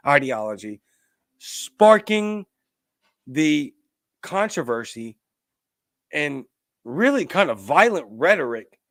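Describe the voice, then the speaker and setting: A man's voice: a little high, a bit bright, no room sound. Emphatic ranting male host, dry sound. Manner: ranting, emphatic, reads viewer comments. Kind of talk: political commentary show.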